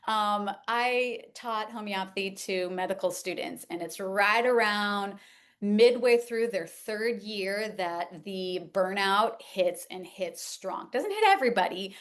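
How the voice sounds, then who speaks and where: A woman's voice: medium pitch, slow, a bit bright. A middle-aged woman teaching in a conversational lecture, with many fillers and "like". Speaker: homeopathy educator. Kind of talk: informal lecture.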